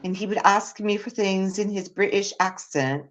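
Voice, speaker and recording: A woman's voice: medium pitch, normal speed. A woman hosting a casual live chat, telling rambling stories with frequent restarts and laughs. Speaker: podcast host. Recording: muffled lo-fi audio.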